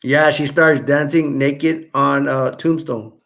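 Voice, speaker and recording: A man hosting a casual livestream, retelling a film in a rambling, halting way full of fillers and restarts, and reading viewer comments aloud. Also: on the high side, fairly even intonation, vocal fry, a bit bright. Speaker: livestream host.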